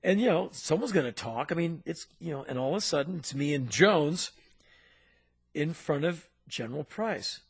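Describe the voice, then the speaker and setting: A man with a gravelly, husky voice tells a story on a podcast, animated and punchy and fond of sound effects. His voice sits a bit high for a man, with rough fry in it. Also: normal speed. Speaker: podcast co-host. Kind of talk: storytelling in casual chat.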